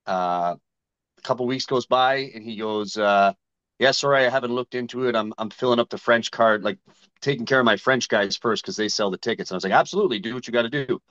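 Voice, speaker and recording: A man's voice: medium pitch, fast, fairly bright tone, muffled recording. A man guest in a casual interview, talking bluntly and retelling conversations with others. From Canada. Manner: blunt, storytelling, acts out both sides of conversations. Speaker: guest fighter.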